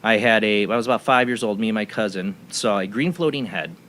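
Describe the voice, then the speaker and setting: With a fairly low pitch, brisk delivery, and fairly bright tone, this man hosts a casual radio talk show. He tells a personal anecdote in a meandering way, full of restarts.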